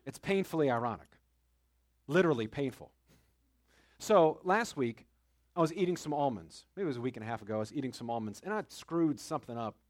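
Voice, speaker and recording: A man delivers a sermon in a conversational, storytelling manner. His voice sits slightly high and rises and falls expressively. He swings from loud, excited bursts to soft, hushed lines. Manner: animated, conversational, dramatic shifts between loud and soft. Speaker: preacher.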